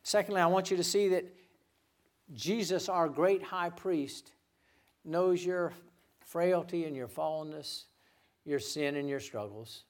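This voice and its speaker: A man preaching a sermon as a guest pastor, earnest and given to repeating words, dropping to a hush when he quotes names. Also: a little high, a little slow.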